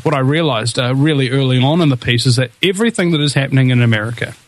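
A man's voice: medium pitch, quick pace, no room sound. Impassioned male radio talk host. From New Zealand. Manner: impassioned, rallying, many restarts and fillers. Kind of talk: political talk radio monologue.

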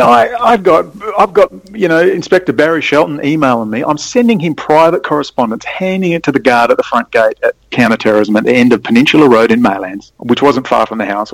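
A man, a podcast guest, telling rambling, excitable stories in casual conversation. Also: mid-range voice, creaky, no room sound, poor audio. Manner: rambling, excitable storytelling with sudden animated spikes.

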